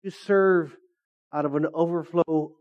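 A man preaching to his congregation in a lively, conversational way, tossing out call-and-response asides. His voice sits a little high for a man. The recording is muffled and lo-fi. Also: a little slow. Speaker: pastor. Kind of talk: sermon.

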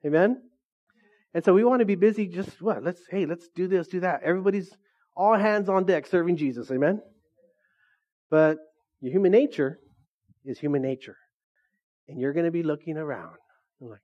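A man preaching to his congregation in a lively, conversational way, tossing out call-and-response asides. His voice sits a little high for a man. The recording is muffled and lo-fi. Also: normal speed, pauses often. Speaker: pastor. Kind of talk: sermon.

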